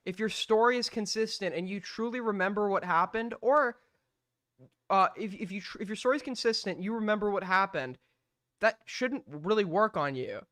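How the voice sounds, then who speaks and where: A man with a high, bright and clear voice holds forth on his stream, blunt and argumentative, swearing freely. The sound is dry and close. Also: normal speed, no room sound. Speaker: streamer host. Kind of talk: heated live-stream commentary.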